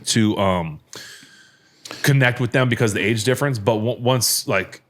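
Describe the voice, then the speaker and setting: A man's voice: mid-range voice, normal speed. A man hosting a podcast, chatting casually in a joking, easygoing way, often rambling and restarting his sentences. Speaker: podcast host, retired quarterback. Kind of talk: casual chat. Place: bar set of a podcast.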